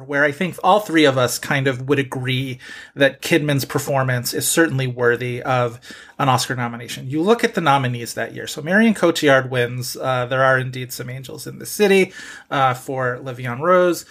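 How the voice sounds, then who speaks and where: A man hosting a podcast in casual chat, animated and full of fillers. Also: mid-range voice. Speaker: podcast host.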